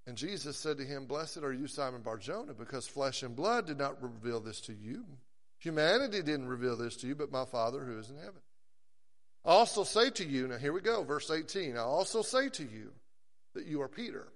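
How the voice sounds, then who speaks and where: A man preaching a sermon, earnest and emphatic, slowing down to stress scripture quotations. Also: a little high, expressive, a bit bright, big-room sound.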